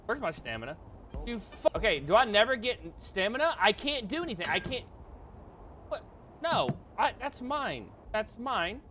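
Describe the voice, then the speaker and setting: An excitable male gamer who swears freely and yelps repeated words, his voice leaping up and down. He talks in casual gaming chatter over a noisy game mix. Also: high-pitched, moderate pace. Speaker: streamer.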